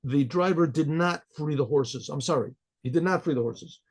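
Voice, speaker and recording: A man, a rabbi, telling a story in a casual spoken way, often clearing his throat and repeating words as he searches for them. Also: fairly high pitch, moderate pace, darkish tone, low-quality recording.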